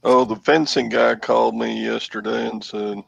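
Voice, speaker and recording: A man's voice: mid-range voice, flat delivery, normal speed, gravelly, husky, dry recording, highs cut off. A middle-aged man, co-hosting a casual chat in a wry, self-mocking way. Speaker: show co-host.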